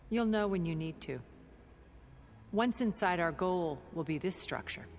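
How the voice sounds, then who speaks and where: A cool aristocratic defector in a video game, with measured, formal phrasing. Her voice is very low for a woman and carries a long reverb. A faint hiss sits underneath. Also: lively intonation.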